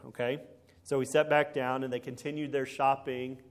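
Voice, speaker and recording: His voice is mid-range and his tone stays level. He's a man giving an informal, down-home sermon, regularly tossing quick tag questions to the congregation to keep them engaged.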